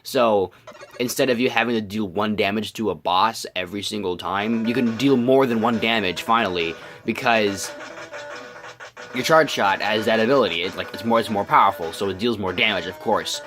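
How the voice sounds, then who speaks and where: A man's voice: fairly low pitch, moderate pace, over music. A young man giving casual gameplay commentary, rambling with many ums and restarts, his voice scratchy from just waking up. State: just woke up, scratchy morning voice. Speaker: let's play host.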